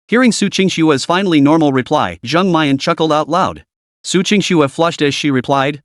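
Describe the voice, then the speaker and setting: A man giving a steady scripted narration of a comic story. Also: on the high side, normal speed, no echo, clean studio sound.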